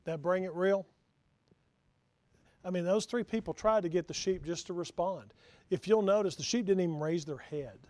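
A man's voice: high-pitched, moderate pace, pauses often, a little mellow. A man preaching to his congregation as pastor, earnestly putting questions to his listeners. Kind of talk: sermon.

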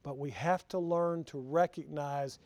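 High-voiced man preaching an earnest sermon. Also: fairly even intonation, a little slow, darkish tone, no room sound. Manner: earnest, asks the congregation questions. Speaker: pastor.

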